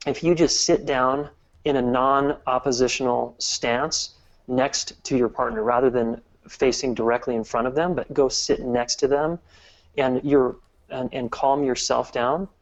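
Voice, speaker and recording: A man speaking in a relaxed interview, working through his points one step at a time and often restarting a phrase. He has a mid-range voice. The recording sounds dull and a little lo-fi. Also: mid-range voice. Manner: earnest, explains step by step with many restarts. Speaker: guest relationship expert. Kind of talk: casual interview talk.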